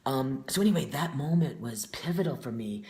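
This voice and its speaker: A man of middle pitch talks as an interview guest, earnest and reflective. He thinks aloud and leans on fillers. His voice rings in a noticeably echoey room. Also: lively intonation, moderate pace, darkish tone. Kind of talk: casual conversation.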